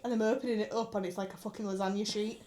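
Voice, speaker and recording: A woman's voice: medium pitch, fairly even intonation, rapid-fire, mellow, a little hiss or hum. A woman, chatting casually and telling stories with acted-out quotes and lots of swearing. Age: 20s. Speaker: podcast co-host. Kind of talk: casual chat.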